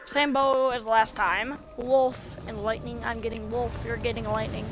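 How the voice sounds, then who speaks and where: A woman's voice: on the high side, fairly even intonation, a little slow, noisy background. A woman streaming a video game, chatting casually and coaxing, repeating herself a lot. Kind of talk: casual live-stream chatter while playing.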